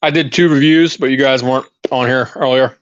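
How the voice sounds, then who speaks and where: This channel host gardens outside while chatting live with viewers on a lapel mic, rambling, restarting, and short of breath. His medium-pitched voice stays steady and brisk. The sound is dry, dull, and lo-fi.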